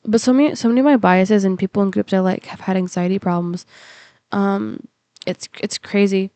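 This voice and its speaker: A woman's voice: mid-range voice, fairly even intonation, fairly quick, dark tone, dry recording. A young woman chatting casually and rambling as a K-pop reaction vlogger, with lots of fillers and restarts, and emotional at times. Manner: emotional, on the verge of tears. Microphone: computer mic.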